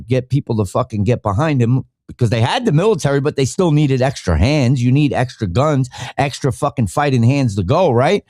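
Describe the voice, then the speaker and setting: Brief: man, podcast host, fired-up profane rant, lively swinging pitch, dry close mic. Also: no echo. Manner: heated, profane, animated. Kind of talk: ranting solo podcast talk.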